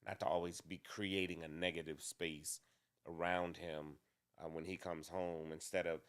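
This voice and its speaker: Man, low-pitched voice, casual relationship talk, measured, thoughtful delivery. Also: little pitch movement, a bit bright. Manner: deliberate, measured, with restarts. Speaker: co-host.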